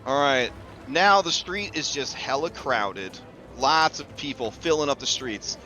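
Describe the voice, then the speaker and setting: A man narrating a tabletop game as game master, in a bright, forceful voice of middle pitch. He talks in a loose, chatty way, full of fillers and the odd curse. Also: lively intonation, measured pace, faint music behind.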